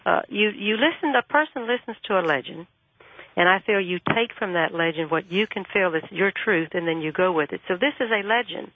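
A woman guest calling in to a radio show, telling a story and acting out the dialogue with lively energy. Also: mid-range voice, brisk, no room sound. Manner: animated, acts out dialogue. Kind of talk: phone-in storytelling. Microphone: telephone. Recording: tinny phone line.

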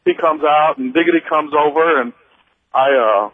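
A man's voice: fairly high pitch, no room sound. Tinny-voiced man calling a radio show. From Missouri, US. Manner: halting, with many restarts and fillers. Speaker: radio caller. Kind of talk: telling a personal story on a call-in show. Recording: tinny phone line.

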